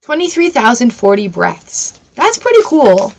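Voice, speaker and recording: A woman's voice: on the high side, huge pitch swings, measured pace, vocal fry. A woman from Canada giving a live-streamed tarot reading, chatty and affirming, greeting viewers by name as she talks. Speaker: tarot reader.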